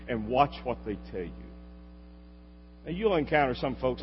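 A pastor delivering a sermon, swinging from loud exhortation to quiet asides. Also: male voice, fairly high pitch, very animated, a little fast. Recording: dull lo-fi recording with long hall reverb and faint hum.

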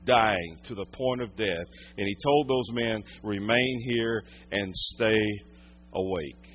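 A man preaching a sermon, teaching from the Bible, swinging from loud emphatic lines to hushed quiet ones. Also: fairly low pitch, slow, highs cut off, a little hiss or hum. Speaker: pastor.

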